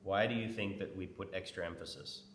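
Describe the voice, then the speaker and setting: A man with a lowish voice leads a relaxed class, throwing questions at his listeners and ribbing them a little. He sounds like he's in a roomy, echoing hall, with a faint hiss under the sound. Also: a little fast. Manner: informal, asks the audience questions, teasing. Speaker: temple class speaker. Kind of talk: conversational scripture class. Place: temple hall with an audience. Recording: echoey hall with faint noise.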